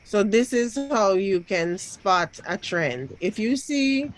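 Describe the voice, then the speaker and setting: Trading coach for a live lesson: slow and deliberate, insists on firm answers, keeps repeating questions. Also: medium pitch, expressive, low-quality recording. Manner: drilling, repeats questions until answered firmly. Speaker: trading teacher.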